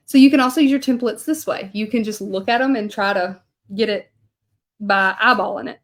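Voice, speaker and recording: With a brisk, mid-range voice, this channel host and hand-lettering artist talks loosely to live viewers from her home craft studio. She rambles between anecdotes and the sign she's painting by hand, keeping it a relaxed livestream chat.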